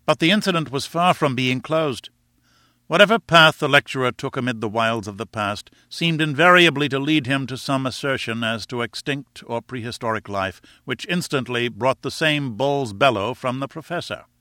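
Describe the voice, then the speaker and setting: A man reading a classic novel aloud in measured, expressive storytelling narration. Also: mid-range voice, dry recording, studio quality. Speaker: audiobook narrator. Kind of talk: scripted narration.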